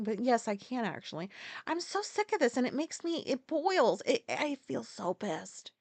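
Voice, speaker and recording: A woman's voice: a little high, big pitch swings, normal speed, vocal fry, dry recording. Exasperated, profane woman ranting on a podcast. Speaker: podcast host. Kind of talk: casual solo monologue.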